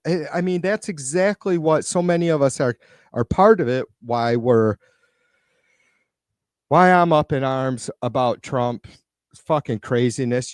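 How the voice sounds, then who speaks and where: A man's voice: mid-range voice, slow, long pauses, no room sound, studio quality. A man hosting a live stream, reading viewer comments aloud and ranting with frequent profanity and irritation. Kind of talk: casual live-stream rant. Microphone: computer mic on a live stream.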